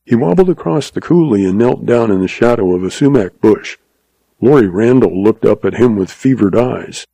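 Gravelly male western narrator. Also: on the low side, normal speed, no room sound, low-quality recording. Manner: steady, dramatic storytelling.

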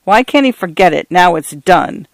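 An irritated ranch father , as a man narrator puts him on, clipped and sharp with his words. Audiobook reading, dry and close. The voice sits fairly high. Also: lively intonation, normal speed, no echo. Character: angry middle-aged ranch father.

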